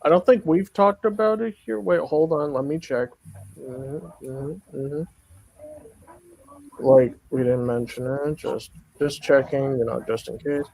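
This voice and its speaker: A man's voice: fairly high pitch, unhurried, creaky, darkish tone, no echo, low-quality recording. A man in casual chat, talking in a hesitant, meandering way. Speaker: co-host.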